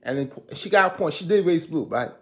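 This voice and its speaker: A man casually recapping a TV episode as a reviewer, chatty and animated, acting out characters' lines. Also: fairly high pitch, brisk.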